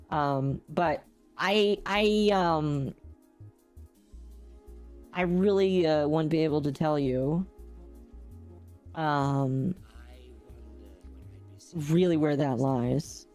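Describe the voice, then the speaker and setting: A woman gaming streamer with a lowish, darkish voice chats casually with her viewers in a livestream, rambling and often correcting herself.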